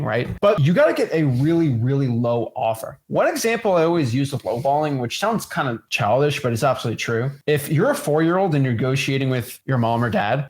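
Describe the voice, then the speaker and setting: A man, co-hosting and teaching with energy, often acting out bits of dialogue. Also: fairly high pitch. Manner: energetic, acts out role-play dialogue. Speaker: co-host. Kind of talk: animated teaching talk.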